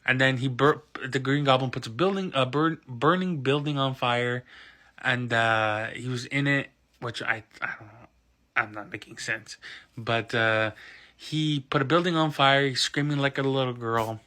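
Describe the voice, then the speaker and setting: A man in his thirties hosts a podcast, recapping a film casually and ramblingly with restarts and self-corrections. His voice is medium-pitched with a sharp tone at a moderate pace.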